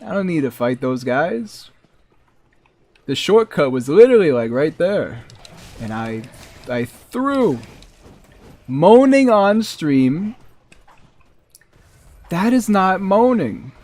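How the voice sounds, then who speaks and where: Slow-talking joking streamer man. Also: fairly high pitch, sing-song, darkish tone, no echo. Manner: joking, rambling, self-mocking. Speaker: game streamer. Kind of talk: casual live gameplay commentary.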